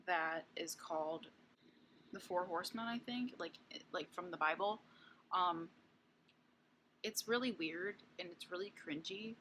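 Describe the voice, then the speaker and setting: A woman's voice: on the low side, sharp tone, a little hiss or hum. A woman in her twenties giving a casual book review vlog, blunt and candid, swearing freely and peppering her talk with fillers. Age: 20s.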